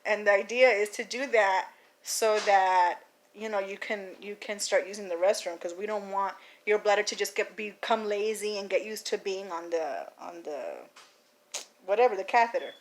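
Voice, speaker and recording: A woman telling a story in a casual vlog, animated, acting out the people in it and laughing often. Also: mid-range voice, moderate pace. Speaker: vlogger.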